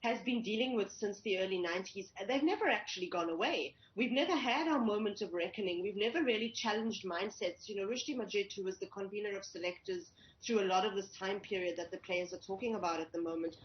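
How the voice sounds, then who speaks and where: A woman journalist talks through the news in a measured, thoughtful way, often restarting a phrase. She sounds like she is in an echoey room on a slightly dull remote line, with a faint hiss underneath. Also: mid-range voice. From South Africa. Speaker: cricket journalist. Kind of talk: news analysis interview.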